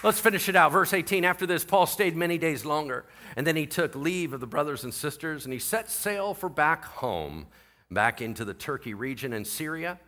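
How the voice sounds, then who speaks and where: A middle-aged man, a pastor, preaching a sermon with animated storytelling, going from quiet asides to loud exclaiming. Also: fairly high pitch, moderate pace. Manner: animated storytelling, voices others in quotes, swings from quiet to shouting.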